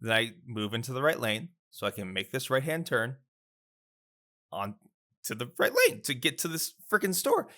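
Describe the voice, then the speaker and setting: A man who is a priest, telling a story in casual chat. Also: normal speed. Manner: animated storyteller, lively pitch.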